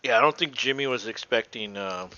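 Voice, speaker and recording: A man's voice: medium pitch, a little fast, pushed and bright. A male podcast co-host doing casual, offhand live play-by-play commentary and swearing now and then, recorded on a dull lo-fi home mic.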